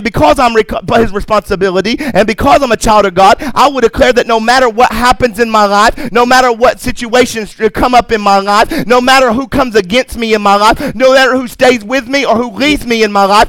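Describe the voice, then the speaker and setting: Male pastor, high-pitched, dry close sound, emphatic call-and-response sermon style. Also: fairly bright tone, dry recording. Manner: emphatic preaching with repetition and call-and-response asides. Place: church sanctuary.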